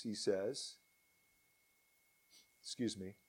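A man's voice: lowish voice, very animated, moderate pace, long pauses, a little mellow, breathy edge. A middle-aged man preaching a sermon, reading scripture aloud with rising emphasis.

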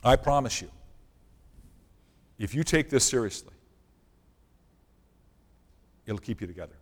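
A middle-aged male pastor preaching a sermon in a conversational way, sometimes dropping his voice very low for emphasis. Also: expressive, moderate pace. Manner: conversational preaching, drops to near-whisper for emphasis. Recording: long hall reverb.

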